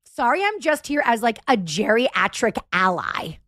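A woman podcast host telling a comedic story in a profane, animated, self-mocking rant. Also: fairly high pitch, a little slow, no room sound, clean studio sound.

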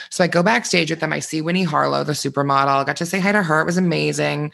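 A man co-hosting a podcast in casual chat, telling stories with animated energy, acting out quoted voices and swearing freely. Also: fairly high pitch, fast, gravelly, hardly any pauses. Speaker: podcast co-host.

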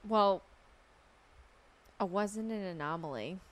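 A woman's voice: medium pitch, slow. A woman guest on a podcast, chatting casually with a laid-back, bantering manner. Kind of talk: casual chat.

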